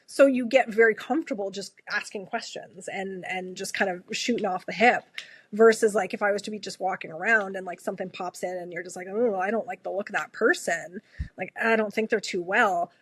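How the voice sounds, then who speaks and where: A woman from Canada who works as an emergency room nurse, talking in a relaxed, chatty way with plenty of fillers and quick laughs. Her voice is slightly husky and sits in a middle pitch. It is recorded close and dry, with no room sound. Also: no room sound. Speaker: ER nurse guest. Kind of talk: casual storytelling conversation.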